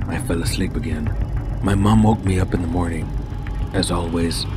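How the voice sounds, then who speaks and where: A man narrating a scripted first-person horror story in a steady, measured way. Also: sits low. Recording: noisy home recording.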